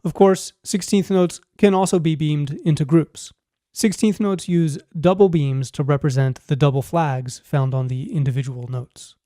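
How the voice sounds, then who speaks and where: A man explains rhythm notation in a clear, measured teaching voice. His tone is mellow and sits a little high. The recording is dry and close, with no room sound. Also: dry recording. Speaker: music teacher. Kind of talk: scripted instructional narration.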